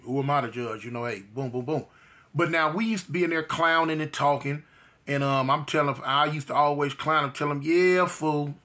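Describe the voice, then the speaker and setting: A man's voice: a little high, fairly quick, pushed and bright. A middle-aged man from telling his life story in slangy street talk, full of fillers. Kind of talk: casual storytelling.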